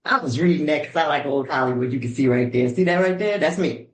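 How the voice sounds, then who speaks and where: A woman's voice: low voice, quick pace. Older woman sharing in an echoey room. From Los Angeles. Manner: animated, preacherly storytelling with sudden shifts of voice; African American Vernacular English grammar. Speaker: recovery meeting speaker. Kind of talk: speaker-meeting share. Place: meeting room.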